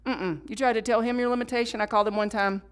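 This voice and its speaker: Woman pastor preaching, loud then whispered. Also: a little high, steady tone, fast talker, clear, resonant tone. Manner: swings from loud emphatic lines to hushed whispers; leads the congregation in call-and-response. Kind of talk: sermon.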